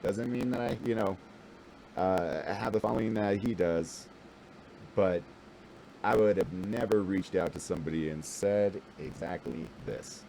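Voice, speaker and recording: A man's voice: low voice, measured pace, creaky, warm tone, a little hiss or hum, low-quality recording. A man in his forties telling a rambling, self-deprecating story to camera, full of fillers and restarts. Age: 40s. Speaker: vlogger and new actor.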